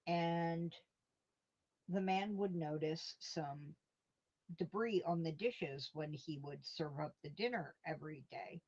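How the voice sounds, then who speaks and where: A woman's voice: sits low, slow pace, darkish tone, breathy edge. A woman hosting a casual live stream from home, rambling through stories and answering her chat with chuckles. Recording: dull lo-fi stream audio.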